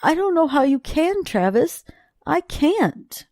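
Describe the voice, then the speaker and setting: A woman's voice: high-pitched, sing-song, slow, dry recording, studio quality, pitched above the performer's own voice, heavily acted. A woman voicing a grief-stricken young wife of twenty-six in an audiobook, her voice raised and strained. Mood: tearful. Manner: raised, strained voice rising to shouts. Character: grieving young woman, 26, tearful and enraged.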